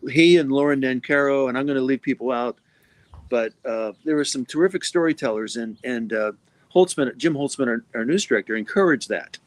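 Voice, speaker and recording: Relaxed co-host guy, mid-pitch voice, close dry sound, chats easy and laughs along. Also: brisk, dry recording. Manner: brief affirmations, easygoing, laughs along. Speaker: sports talk show co-host. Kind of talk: casual chat.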